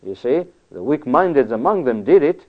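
Preaching with conversational emphasis, this man keeps asking "you see?" to engage listeners. His medium-pitched voice moves at a moderate pace with big swings in pitch, heard through thin, phone-like audio.

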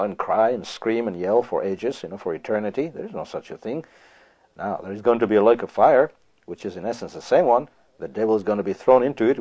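A male preacher delivering an emphatic sermon, peppering it with rhetorical questions. He slows right down to read scripture aloud. The recording sounds a little dull and lo-fi. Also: on the low side, darkish tone, slightly rough.

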